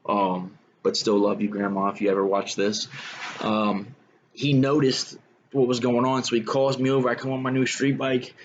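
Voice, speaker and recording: A man's voice: medium pitch, level tone, moderate pace, dull audio, a little hiss or hum. A young man telling his own life story in a casual, rambling way, full of "man" and "you know".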